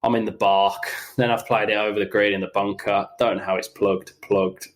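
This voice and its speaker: A young man, a pro golfer, telling animated, self-mocking stories about his round in casual podcast chat. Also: fairly low pitch. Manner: animated, self-mocking anecdotes with quick asides. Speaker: professional golfer guest.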